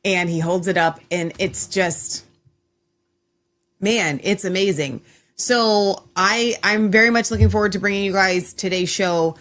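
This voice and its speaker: A woman's voice: mid-range voice, a little slow, a bit bright. A woman hosting her own show, talking in a chatty, rambling way with frequent restarts. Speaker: host. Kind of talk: casual chat.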